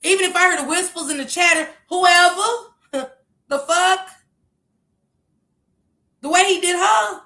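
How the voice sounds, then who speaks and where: A woman streamer talks through the drama in a casual, animated way, her voice high and bright. She jumps from loud emphatic bursts to low muttered asides. The sound carries a noticeable room echo. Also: unhurried, long pauses. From Kentucky. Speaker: commentary streamer. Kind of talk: casual reaction commentary.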